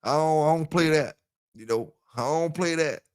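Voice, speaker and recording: A man's voice: fairly high pitch, normal speed, darkish tone, clean tone, dry recording, studio quality. A man hosting a casual livestream on a headset mic, rambling loosely and talking straight to his listeners. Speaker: dog kennel channel host. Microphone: headset with earphones.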